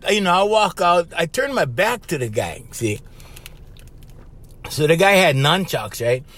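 A man with Hawaiian Pidgin-tinged English hosts a podcast, giving a casual storytelling monologue in a loose, chatty, animated way. Speaking in a high-pitched voice, he keeps saying "bro" and "right?" and laughs between lines.

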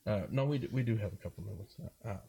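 A man, a guest talking about a charity bike ride in a halting way, full of fillers and restarts. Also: lowish voice, gravelly, a crowd in the background. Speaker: guest, board member of a first-responder charity ride. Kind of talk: casual interview talk.

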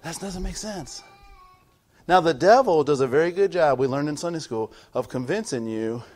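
High-pitched, animated preaching pastor man. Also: moderate pace. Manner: animated preaching, swings from soft asides to shouted peaks, frequent stammered restarts. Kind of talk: sermon.

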